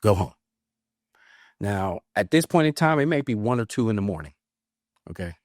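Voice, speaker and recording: Lowish-voiced man telling a story. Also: a little fast, no echo, studio quality. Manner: animated retelling, acts out quoted voices. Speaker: podcast co-host, former officer. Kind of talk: storytelling in casual conversation.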